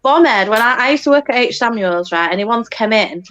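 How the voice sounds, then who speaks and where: A woman's voice: a little high, lively intonation, brisk, a bit bright. A woman in a casual podcast chat, chatty and teasing. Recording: dull lo-fi sound.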